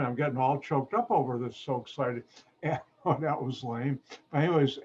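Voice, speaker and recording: A man teaching a chemistry class over a video call, with a playful, jokey manner and frequent asides. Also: on the high side. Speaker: chemistry instructor. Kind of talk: online lecture. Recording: muffled video call audio.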